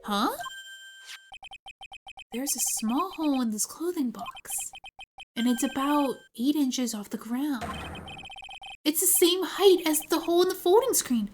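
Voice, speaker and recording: Giggly high-voiced woman streamer. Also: animated, a little slow, pauses often, a little mellow, faint music behind. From United States. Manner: chatty and giggly, talking to chat. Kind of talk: casual game stream chat.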